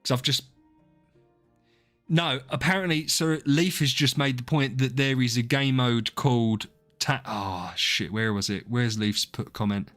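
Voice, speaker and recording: A man in his thirties hosts a live stream, and his middle-pitched voice wanders loosely from one thought to the next. He greets chatters by name and pokes fun at himself. Faint music plays under his talk. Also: unhurried, fairly bright tone. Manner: rambling, self-deprecating, talks to chat by name. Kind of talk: casual live-stream chat.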